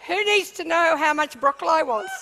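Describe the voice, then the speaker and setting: High-voiced woman addressing a seminar. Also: normal speed, slight background noise. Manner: animated, checks in with the audience often. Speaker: business speaker. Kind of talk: seminar talk to a live audience.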